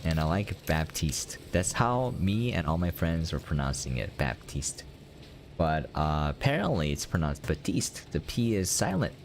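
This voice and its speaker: A man's voice: low voice, very animated, normal speed, vocal fry, few pauses, slight background noise. A young American man chatting casually while live-streaming a game, rambling and laughing often as he answers his chat. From United States.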